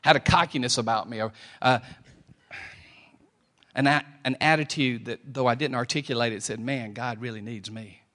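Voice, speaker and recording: A middle-aged man preaching a sermon, telling a personal story and swinging from quiet, slow lines to loud ones. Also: medium pitch. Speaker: pastor.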